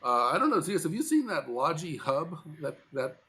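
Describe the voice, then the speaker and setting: A man's voice: on the high side, big pitch swings, fairly quick, bright, forceful tone. A man co-hosting a casual industry talk show, talking loosely with many fillers and restarts. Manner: conversational, frequent fillers and restarts. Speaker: podcast co-host.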